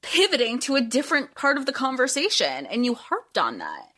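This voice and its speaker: Lively, bright-voiced young woman. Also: fairly quick. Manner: animated, quotes characters with big pitch jumps. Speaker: podcast co-host. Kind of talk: casual fan discussion.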